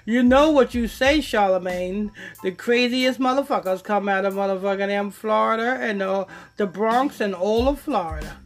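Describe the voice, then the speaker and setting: A man hosting a podcast, ranting and mocking in a loud, profane way and laughing at his own jokes. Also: high-pitched, moderate pace, soft background music. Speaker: podcast host. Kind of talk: ranting commentary on played clips.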